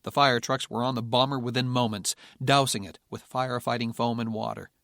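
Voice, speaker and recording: A man narrating an audiobook thriller in steady, measured scripted narration. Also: mid-range voice, gravelly, dry recording, studio quality.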